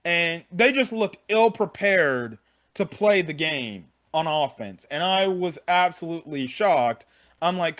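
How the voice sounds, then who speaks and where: A young man with a notably high-pitched voice talks through a game recap in a loose, unscripted way. He swears freely and keeps restating his points as he goes. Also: animated, a little slow, a bit bright. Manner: frank, profane, repeats himself. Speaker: sports fan vlogger. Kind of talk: casual game recap rant.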